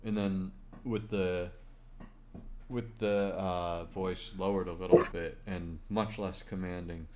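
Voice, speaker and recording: Deep slow-talking male game master. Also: fairly even intonation, noisy background. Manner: halting, many fillers. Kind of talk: narrating a tabletop game.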